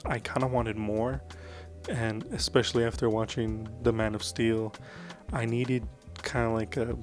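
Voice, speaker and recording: Rambling, earnest man reviewing movies. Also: mid-range voice. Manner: loose and rambling, full of "like" and "um" fillers; earnest and enthusiastic about films. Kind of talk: casual movie review chat.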